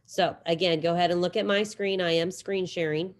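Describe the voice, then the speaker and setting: A woman teaching a Spanish class over a video call. She sometimes drills verb forms slowly and clearly, then talks quickly. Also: on the low side, fairly even intonation. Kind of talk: online class lecture with screen share. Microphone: computer mic on video call.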